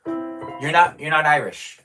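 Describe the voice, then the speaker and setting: A man's voice: fairly high pitch, slow. A man chatting playfully with his live-stream audience while gaming, rambling and full of energy. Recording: clear background music. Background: music.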